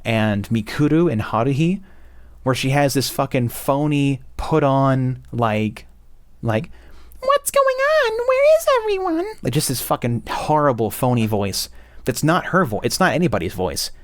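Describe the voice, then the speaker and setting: A man's voice: medium pitch, expressive, normal speed, no echo. Blunt rambling male game reviewer. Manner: blunt, profane, many fillers. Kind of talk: casual opinionated monologue.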